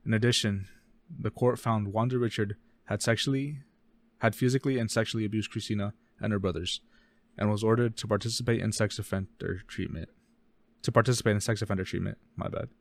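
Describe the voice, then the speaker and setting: A man co-hosting a casual true-crime podcast, reading case details fast and often stumbling and correcting himself. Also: fairly low pitch, fairly even intonation, no room sound. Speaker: podcast co-host.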